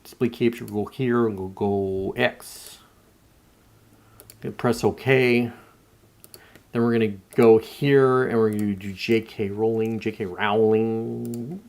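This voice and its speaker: A man's voice: fairly low pitch, steady tone, slow, a little mellow. A man hosting his own show from home, rambling through casual commentary with plenty of swearing and restarts. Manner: rambling, profane, self-interrupting. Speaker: show host. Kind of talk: casual political commentary monologue.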